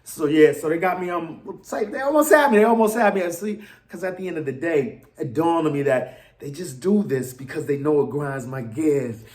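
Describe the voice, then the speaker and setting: An excitable man, probably in his thirties, rants to his fans in a casual vlog, going from low mutters to loud outbursts. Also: moderate pace. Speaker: fan channel host. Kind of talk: animated fan rant to camera.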